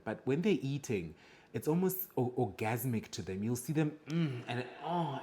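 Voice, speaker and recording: A man's voice: medium pitch, a little mellow. A man hosting a reaction video, giving blunt, judgmental commentary and lecturing his viewers.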